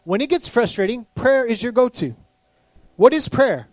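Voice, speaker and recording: A man preaching a sermon as a pastor, animated, acting out the voices of people he quotes. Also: extremely high pitch, normal speed, no echo.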